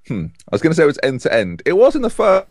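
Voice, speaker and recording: A man co-hosting a casual football podcast, animated and opinionated. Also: on the high side, fast talker, dry recording, clean studio sound. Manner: animated, opinionated, chatty with restarts. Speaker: podcast co-host.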